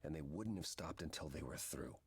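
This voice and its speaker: An actor playing an ancient male being bound to fate, who talks in a calm, measured, grave way. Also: a bass voice, creaky, slightly rough, no room sound, exaggerated voice.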